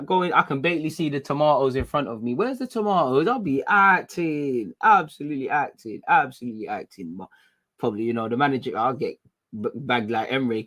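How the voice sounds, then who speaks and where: A man with a British accent hosts a casual livestream, chatting to viewers in relaxed street slang. He is animated and chatty as he answers comments. His voice sits at an everyday middle pitch. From England. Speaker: livestream host.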